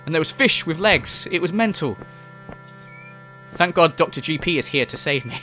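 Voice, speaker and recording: A young man gives jokey, sarcastic let's-play commentary as a gaming YouTuber, swearing casually while he explores. His voice is a little high, expressive, and sharp-toned, at a normal speed, with faint music behind him.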